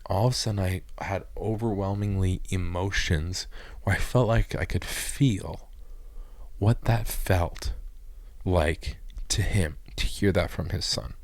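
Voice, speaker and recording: A man sharing an emotional personal testimony, telling his story in a halting, rambling way with many fillers and restarts. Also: deep voice, no echo. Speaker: guest giving a personal testimony.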